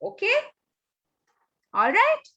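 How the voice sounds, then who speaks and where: A woman telling a story to young children on a video call, animated and coaxing, asking them questions as she goes. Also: very high-pitched, slow pace. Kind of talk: online storytelling workshop.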